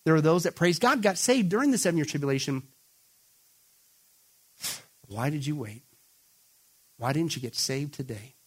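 A man's voice: moderate pace, long pauses, husky. A man preaching a sermon, talking straight to his listeners and pushing his points hard. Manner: emphatic, builds to raised, excited pitch when quoting; addresses listeners directly as folks. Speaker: pastor.

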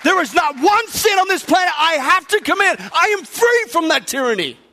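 A man preaching a sermon, fervent and often shouting. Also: very high voice, big pitch swings, normal speed, a faint crowd.

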